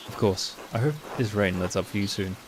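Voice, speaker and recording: A man's voice: fairly low pitch, brisk, lightly acted. A man reading a courteous traveling man. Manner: mild, courteous questioning. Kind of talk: reading game dialogue aloud. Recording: steady rain noise behind.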